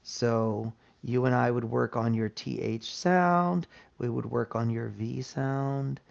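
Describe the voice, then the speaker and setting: An American man teaching an English lesson, explaining points patiently and checking in with "right?". His voice has a gravelly edge. The sound is dull and lo-fi. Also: mid-range voice, fairly even intonation, slow pace. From United States.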